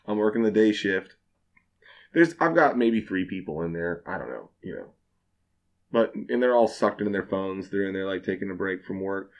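A young man, a bartender, telling a wild story in casual podcast chat, animated and full of swearing. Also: deep voice, normal speed, dull audio. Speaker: bartender guest.

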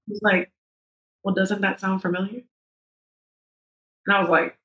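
A woman's voice: mid-range voice, normal speed, long pauses, a bit bright. Woman, 30s, podcast guest, candid storytelling, frank swearing, echoey room. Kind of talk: personal storytelling in a podcast interview. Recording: roomy echo.

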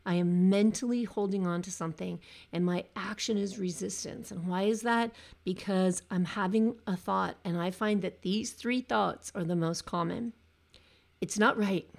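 A woman gives a motivational talk as a coach, earnest and direct. Her voice has a gravelly fry at the edges, at an ordinary mid pitch. She slips into her clients' words as she speaks. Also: steady tone, moderate pace, darkish tone. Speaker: coach for cancer survivors.

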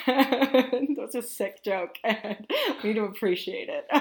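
A young woman hosts a casual movie podcast with a fairly high voice. She rambles along in easy chat and breaks into laughter often. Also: slow pace, creaky. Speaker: podcast host.

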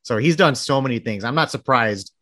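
A man's voice: medium pitch, fairly quick, fairly bright tone, no room sound. Enthusiastic male podcast host, dry sound. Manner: enthusiastic, long wordy questions. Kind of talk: casual interview chat.

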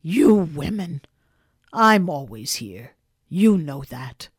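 A woman's voice: low-pitched, very animated, slow, slightly rough, dry recording, clean studio sound, heavily acted. A woman reading aloud, voicing a jovial, teasing man who cracks jokes in playful banter.

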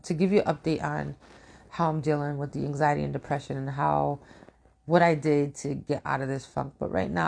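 Woman, very gravelly voice, low-pitched, halting confessional monologue, repeats herself. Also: fairly even intonation, darkish tone. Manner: halting, emotional, repeats words. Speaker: podcast host.

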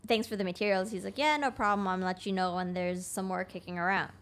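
Blunt, animated young woman telling stories. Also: fairly low pitch, quick pace. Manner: blunt, animated storyteller acting out dialogue. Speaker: podcast guest, construction taper. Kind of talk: casual podcast chat.

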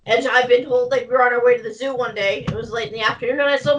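A woman's voice: fairly high pitch, fairly even intonation, very fast, fairly bright tone, recorded from a distance, lo-fi sound, a little hiss or hum. A woman in her thirties on a casual podcast chat, frank and swearing casually. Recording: voice from off the mic.

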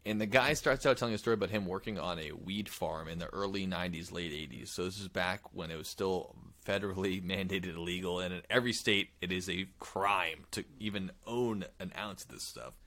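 A man's voice: low voice, brisk, hardly any pauses, bright, forceful tone. A man co-hosting a podcast, retelling a story at length in a loose, rambling, profane way. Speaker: podcast co-host. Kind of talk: casual storytelling chat.

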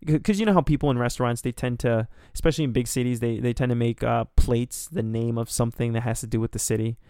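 Gravelly-voiced man, joking co-host. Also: mid-range voice, fairly even intonation, fast talker, mellow, no echo, clean studio sound. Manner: joking, profane, laid-back. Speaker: podcast co-host. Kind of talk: casual chat.

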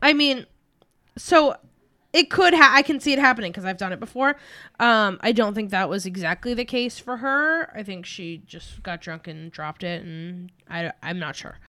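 A woman's voice: mid-range voice, normal speed, pushed and bright, no echo, studio quality. A young woman co-hosting a casual true-crime podcast, telling the case and drifting into chatty asides. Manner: chatty, recounts case facts then breaks into asides and giggles.

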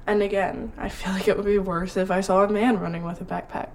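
A young woman co-hosting a podcast in a casual chat, giggly and quick to agree. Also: mid-range voice, level tone, darkish tone, slight background noise. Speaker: podcast co-host.

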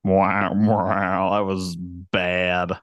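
A man co-hosting a casual podcast, trading dad jokes and teasing his friend, quick to laugh. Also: sits low, level tone, lo-fi sound, faint music behind. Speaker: podcast co-host.

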